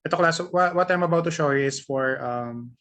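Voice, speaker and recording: A man teaching a class, introducing a video in a halting way and restarting his words. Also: on the high side, fairly bright tone.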